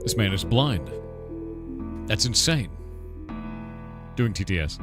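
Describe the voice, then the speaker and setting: A man's voice: fairly low pitch, very animated, slow, over loud music. A middle-aged American man streaming live, riffing and joking with his chat in loose banter. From United States. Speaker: game developer streamer.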